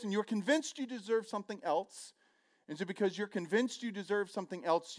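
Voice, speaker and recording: Man, middle-aged, preaching, animated storyteller, fairly high-pitched voice, jokes at his own expense. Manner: animated storytelling, acting out voices, self-deprecating humor. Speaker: pastor. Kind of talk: sermon.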